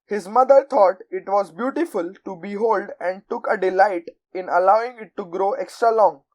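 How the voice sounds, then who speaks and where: A young woman reads a children's novel aloud as a volunteer narrator. Her reading is measured and expressive, at an ordinary pitch for a woman. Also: low-quality recording. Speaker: volunteer audiobook reader. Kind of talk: storybook narration.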